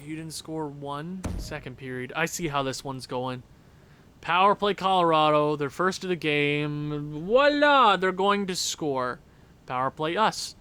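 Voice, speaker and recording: A young man commentating a hockey video game with a worn-out voice, yelling and repeating himself at big plays. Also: a little high, a little slow, clear, resonant tone. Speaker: gaming YouTuber. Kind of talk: excited play-by-play over a hockey video game.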